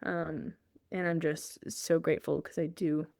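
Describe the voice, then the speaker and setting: A woman's voice: low-pitched, little pitch movement, unhurried, gravelly, a little mellow, dry recording, studio quality. A woman guest on an interview show, telling a personal story in a casual way, often laughing and acting out her own thoughts. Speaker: guest, journalist.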